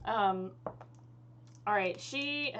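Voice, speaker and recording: A woman's voice: mid-range voice, very slow, fairly bright tone, muffled recording, a little hiss or hum. A woman narrating a tabletop game as dungeon master, chatty and full of fillers.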